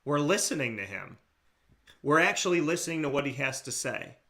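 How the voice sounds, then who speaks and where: Slightly high and sing-song, this American talk show host's voice moves fairly quickly with a bright, forceful edge. As a radio host giving a heartfelt monologue, he speaks with earnest passion and comes back to key phrases again and again for emphasis.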